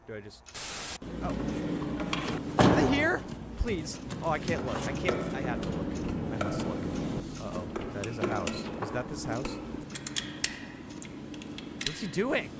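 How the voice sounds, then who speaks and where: A young gaming host talks his way through a scary game, joking at his own fear. His voice swings from mutters to shrill yelps. A steady wash of noisy game sound runs under him. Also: normal speed. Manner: jumpy, screams at scares, self-mocking jokes. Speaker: gaming YouTuber. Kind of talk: horror gameplay commentary. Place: home bedroom.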